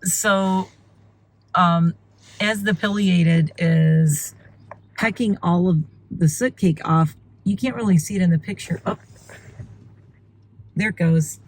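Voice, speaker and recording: A woman vlogging casually while filming birds from her car and yard, chatty and excitable, sometimes out of breath. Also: poor audio. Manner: excited and chatty, breaks into high squeals when calling her turkey. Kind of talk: casual vlog narration. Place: in a car and outdoors in a windy yard.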